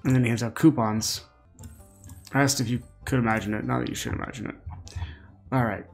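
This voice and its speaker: A man's voice: mid-range voice, steady tone, brisk, gravelly, soft background music. A man hosting a gameplay video with casual commentary and playful, jokey asides. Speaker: gaming video host.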